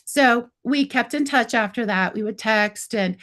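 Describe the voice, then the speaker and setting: A woman in her fifties from Arizona with a fairly high voice, talking as a guest in an easy, chatty way. She tells a personal story full of "like" and keeps slipping into the voices of the people in it. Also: a little slow, a bit bright. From Arizona, USA. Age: 50s. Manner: chatty, acts out others' lines in quotes, many "like" fillers.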